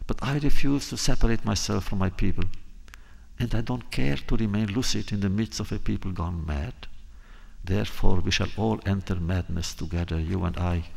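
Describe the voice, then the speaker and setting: A man voicing a grave, stern old king with slow, deliberate phrasing. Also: low voice, vocal fry, darkish tone, slightly rough, exaggerated voice.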